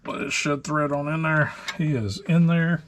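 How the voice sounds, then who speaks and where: A man's voice: fairly high pitch, unhurried, slight background noise. Chatty man wrenching in a garage. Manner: relaxed, chatty, talking while wrenching with many fillers. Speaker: host of a truck repair channel. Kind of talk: casual workshop talk-through.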